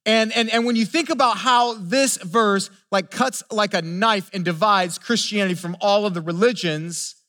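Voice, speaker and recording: This sermon comes from a pastor with a high, somewhat bright voice, talking at normal speed with hardly any pauses. Earnest throughout, he fires rhetorical questions at listeners and stumbles on repeated words as each point builds.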